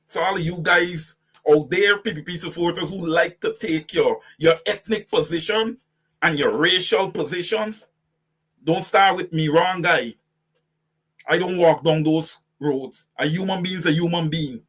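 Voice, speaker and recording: A man's voice: on the high side, measured pace, fairly bright tone, breathy edge. A man with a Guyanese accent hosting impassioned political commentary, preaching fiery direct address to his audience. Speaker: host.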